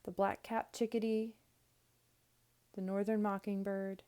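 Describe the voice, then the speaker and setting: A young woman teacher reads a picture book to young children, her voice clear and expressive. She keeps an easy middle pitch and explains the birds plainly. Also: a little slow.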